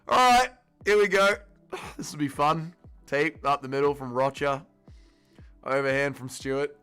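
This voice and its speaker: An Australian man hosting a live fight watch-along stream, talking excitedly, swearing often and yelling at the fighters. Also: medium pitch, smooth. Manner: excitable, profane, yells at fighters. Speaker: livestream host.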